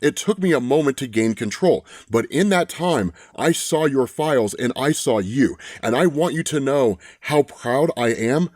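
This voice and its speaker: A man reading the lines of a grown male superhero mentor in a slightly lower, measured voice. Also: animated, darkish tone, no echo, clean studio sound, natural voice.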